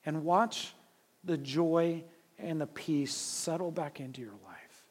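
A man preaching a sermon as pastor, emphatic, swinging between loud urging and quiet asides, often repeating and restarting his words. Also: on the high side, slow pace.

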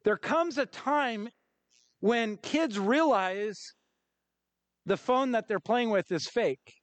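Man, pastor, high voice, dry close sound, animated sermon delivery. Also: takes it slowly, no echo. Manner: animated preaching with acted-out quotes.

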